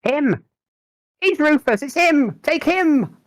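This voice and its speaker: A woman's voice: high voice, expressive, takes it slowly, dry recording, pitched above the performer's own voice. A man voicing a wretched, frantic woman screaming in a tabletop game.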